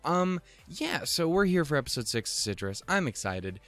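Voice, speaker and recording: A man's voice: fairly high pitch, very animated, normal speed, fairly bright tone. A man from Montana hosting a casual reaction video, giggly, swearing freely and poking fun at himself. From Montana, USA. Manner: giggly, profane, self-mocking.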